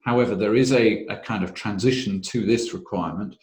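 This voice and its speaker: Low-voiced man explaining regulations. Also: roomy sound. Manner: measured, methodical, frequent "uh" fillers. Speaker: webinar presenter on health and safety law. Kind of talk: explanatory webinar talk.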